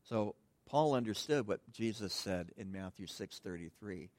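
A man's voice: fairly low pitch, expressive, measured pace, hardly any pauses, a little mellow, dry recording, clean studio sound. A man preaching a sermon in a conversational way, with frequent restarts and asides to the congregation. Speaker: pastor.

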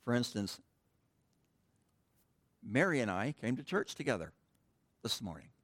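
A middle-aged pastor teaching from the pulpit, mixing a grammar lesson with easygoing jokes aimed at the people in front of him. His voice sits at an ordinary middle pitch. The sound is close and dry, with little room around it. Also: big pitch swings, a little slow, fairly bright tone, no echo. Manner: casual, joking asides with the congregation. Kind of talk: sermon with a Greek grammar lesson. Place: church sanctuary.

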